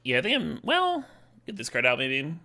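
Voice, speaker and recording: A man's voice: on the high side, wildly swooping pitch, normal speed, vocal fry, bright, forceful tone. A man streaming a card game, talking through his plays in a casual, swearing, laughing way. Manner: swears casually, laughs often, thinks aloud. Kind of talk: casual live-stream commentary.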